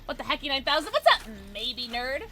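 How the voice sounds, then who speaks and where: A woman's voice: sits high, sing-song, a little fast, background noise. A woman streaming live from home, chatting with viewers and reacting to her game in playful slang. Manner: bubbly, playful slang, talking to chat. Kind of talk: live gameplay commentary with chat.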